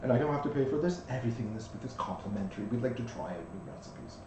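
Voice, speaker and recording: A man's voice: medium pitch, expressive, very fast, pitched below the performer's own voice, close to an everyday voice. A man voicing a courteous fae maitre d' who talks in polished, solicitous patter. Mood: smooth. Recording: very echoey room, distant mic, faint hiss.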